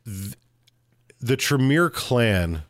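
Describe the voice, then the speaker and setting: A man co-hosting a podcast, telling a game story in casual chat, animated and swearing freely. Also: mid-range voice, drawn-out words, no echo, clean studio sound. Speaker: podcast co-host.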